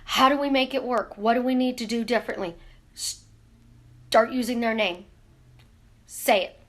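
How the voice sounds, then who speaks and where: A woman coaching her viewers in a casual live stream, talking with her hands and firing off rhetorical questions. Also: a little high. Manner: animated, talks with her hands, asks rapid rhetorical questions. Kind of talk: casual teaching monologue. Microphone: camera in front of her.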